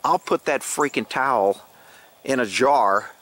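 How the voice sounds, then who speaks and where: A middle-aged man, a vlogger and horse owner, rambles through a casual story outdoors into a handheld phone. His mid-range, fairly bright voice is unhurried and chatty, and he swears freely and laughs at his own tales.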